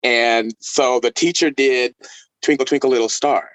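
A middle-aged man from Texas, a violinist guest, telling stories in a casual interview with laughs and animated delivery. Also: medium pitch, measured pace, dry recording, low-quality recording. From El Paso, Texas.

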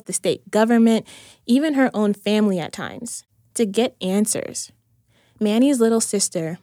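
A woman podcast host giving measured scripted narration. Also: medium pitch, mellow, no echo, studio quality.

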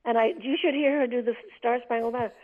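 An older woman, an actress, telling stories in an interview, animated and laughing often. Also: a little high, fast talker. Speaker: guest, actress. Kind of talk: interview on a call. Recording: tinny phone line.

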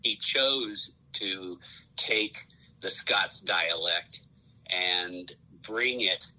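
Guest, a man with a very deep, husky voice and a forceful tone, talks slowly and halts often. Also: low-quality recording. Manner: slow, halting, searching for words. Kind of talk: casual chat.

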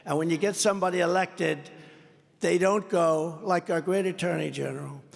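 Gravelly older man rallying a big hall. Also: a little high, steady tone, moderate pace. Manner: rambling, repetitive, boastful storytelling. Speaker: political candidate at a rally. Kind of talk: off-script campaign rally speech. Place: large indoor rally venue. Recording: long reverb from a large hall.

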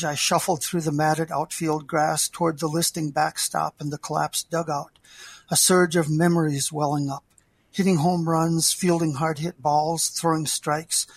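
An older man, an author, reading his memoir aloud in a measured, heartfelt way. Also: on the high side, husky, dry recording.

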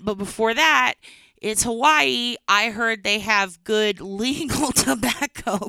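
Woman comic, bright crisp voice, rambling chatty storytelling, dry close sound. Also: a little high, expressive, measured pace, no echo. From Texas. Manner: chatty, rambling, laughs between lines. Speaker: stand-up comedian. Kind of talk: storytelling stand-up.

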